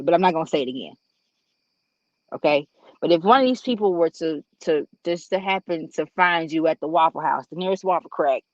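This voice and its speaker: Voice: mid-range voice, no echo. A guest on a video call in casual chat, talking in a rambling, emphatic way and playfully repeating points. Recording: dull, dry video call audio.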